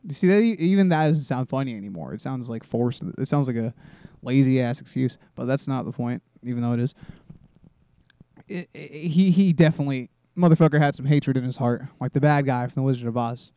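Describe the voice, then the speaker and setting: A man's voice: mid-range voice, a little fast, warm tone, smooth, no room sound. A man in his twenties hosting a solo comedy podcast, rambling and self-deprecating, swearing often and restarting his sentences. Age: 20s. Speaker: podcast host.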